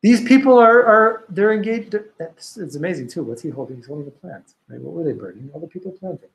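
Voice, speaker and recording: A man teaching an informal Talmud class, retelling a story with lively restarts and Hebrew and Aramaic quotes. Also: a little high, fast talker, creaky, low-quality recording. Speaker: Torah teacher.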